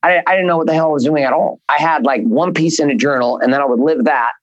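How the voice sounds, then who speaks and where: A man's voice: on the high side, quick pace, no echo, muffled recording. A man guesting in an interview, telling stories bluntly with casual profanity and a rambling, repeating flow. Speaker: guest, business coach. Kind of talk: candid interview talk.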